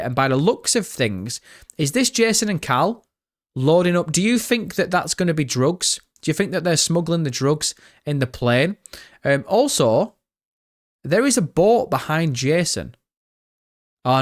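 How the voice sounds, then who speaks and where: A young man hosting a live stream, chatting with his viewers and reacting to a trailer in a jokey, rambling way. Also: mid-range voice. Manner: chatty, jokey, talks to chat, breaks into laughter.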